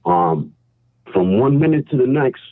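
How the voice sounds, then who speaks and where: A man from New York calling in by phone and telling a story in animated slang, often saying "bro" and "yo". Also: mid-range voice, a little slow, no echo. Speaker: caller. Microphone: phone call. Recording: tinny phone line.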